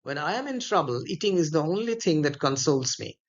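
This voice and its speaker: Man reading flippant languid young gentleman, plain reading voice, a bit high, muffled lo-fi audio. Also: very animated, brisk. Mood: airy, flippant. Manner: plain read-aloud delivery, little voicing.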